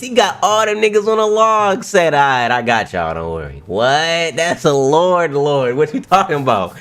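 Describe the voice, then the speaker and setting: A man reacting live to a new manga chapter, excitable and profane, often laughing and exclaiming loudly. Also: medium pitch, normal speed, hardly any pauses, soft background music.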